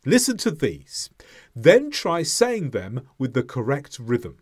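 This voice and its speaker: Slow, lively-voiced English teacher. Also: male voice, medium pitch. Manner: slow, deliberate, clearly stressed delivery with modelled example sentences. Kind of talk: scripted English pronunciation lesson.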